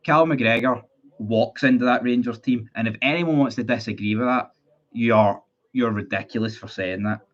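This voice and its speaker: A man's voice: mid-range voice, moderate pace, highs cut off. A Scottish man ranting heatedly about his football club on a live stream, reading chat messages and swearing often. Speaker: football fan livestreamer.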